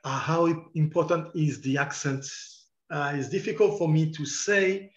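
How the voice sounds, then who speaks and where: A man's voice: a little high, unhurried, echoey room, muffled recording. A man in his fifties from France with a French accent, a guest journalist speaking earnestly in an online panel talk and repeating key words for emphasis.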